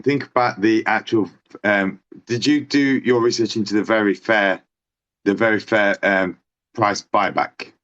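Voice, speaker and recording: A man's voice: lowish voice, a little slow. Rambling man on a dull lo-fi track. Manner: excitable, rambling, swears. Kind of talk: casual podcast chat. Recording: dull lo-fi sound.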